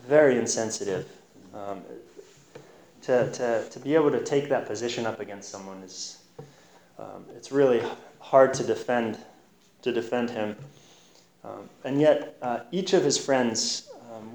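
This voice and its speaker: A man's voice: mid-range voice, a little mellow. A man giving an informal Bible teaching in an earnest, conversational way, pressing hard on key points. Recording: roomy echo.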